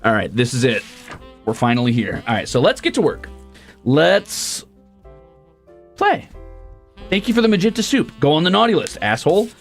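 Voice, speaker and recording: A man's voice: mid-range voice, sing-song, fast talker, faint music behind. A man hosting a casual livestream, reading out viewer donations with profane, teasing, mock-grumpy banter. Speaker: streamer.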